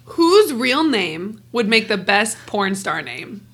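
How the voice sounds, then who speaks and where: A woman's voice: mid-range voice, sing-song, slow, heavy background noise. A young woman co-hosting a podcast, chatting casually and teasing bluntly. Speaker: podcast co-host. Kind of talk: casual chat.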